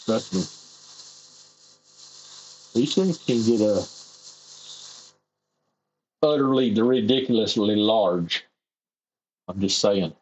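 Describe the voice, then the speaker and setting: Guy streaming from his home workshop, rambling and self-deprecating, husky voice, dull lo-fi sound. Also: lowish voice, takes it slowly, long pauses, darkish tone. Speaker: airbrush artist streaming his work. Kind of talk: casual livestream chat while painting.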